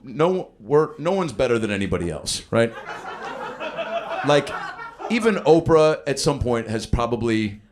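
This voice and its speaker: A man in his thirties doing improvised stand-up, riffing on audience suggestions with profane, animated storytelling. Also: mid-range voice, unhurried, background noise. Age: 30s. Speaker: stand-up comedian. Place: comedy club stage. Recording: live club with crowd laughter. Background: audience laughter.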